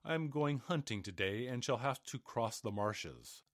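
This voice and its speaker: A man's voice: medium pitch, animated, moderate pace, no echo, clean studio sound, close to an everyday voice. Man playing a bellowing lazy giant. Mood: bossy. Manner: blustering, demanding.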